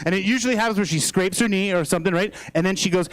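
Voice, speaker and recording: High-voiced swearing Canadian comedian. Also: male voice, quick pace, hardly any pauses, poor audio. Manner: swearing, rambling with fillers. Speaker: stand-up comedian. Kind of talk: stand-up set. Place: theater stage.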